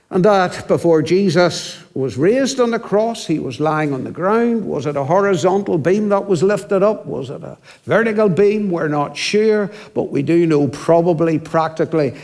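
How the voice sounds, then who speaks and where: A man preaching a sermon as a minister, reflective and slowing down to stress scripture, at times dropping to a hushed voice. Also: a little high.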